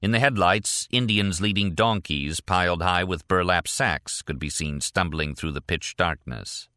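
A man narrates a novel in a steady, deliberate manner. His voice is very deep but crisp and forceful. The recording is close and dry. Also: dry recording. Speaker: audiobook narrator. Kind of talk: scripted narration.

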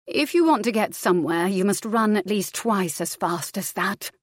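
A woman voicing a haunted young twin woman who speaks in a raspy, riddling way. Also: mid-range voice, expressive, normal speed, no room sound, clean studio sound, natural voice. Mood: cryptic. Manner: quotes riddles in a lilting, portentous way.

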